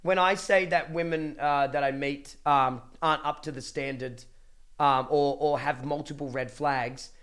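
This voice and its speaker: A man's voice: fairly high pitch, steady tone, a little slow, fairly bright tone. A young man ranting casually to his livestream chat, blunt and profane, with many restarts. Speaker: streamer.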